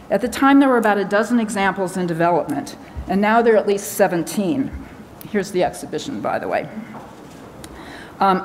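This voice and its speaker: American woman presenter, hurried and filler-heavy, lecture-hall reverb. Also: on the low side, darkish tone, slight background noise. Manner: hurried, talking fast with many fillers and restarts. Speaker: conference speaker. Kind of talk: conference talk. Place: large conference hall.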